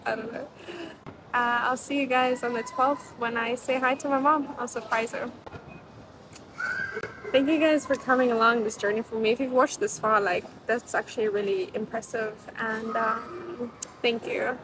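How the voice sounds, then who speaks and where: A woman's voice: fairly high pitch, background noise. A young woman vlogging to her phone camera, chatty and emotional, with lots of fillers. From South Africa. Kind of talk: casual vlog chat to camera. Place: outdoors on a hot city street, then a restaurant.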